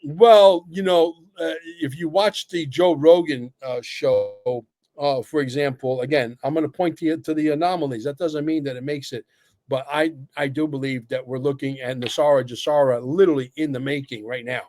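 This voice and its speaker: A man co-hosting a livestream, talking bluntly and emphatically, cursing and filling pauses with "uh". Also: a little high, darkish tone. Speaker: livestream co-host. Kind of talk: opinionated livestream talk.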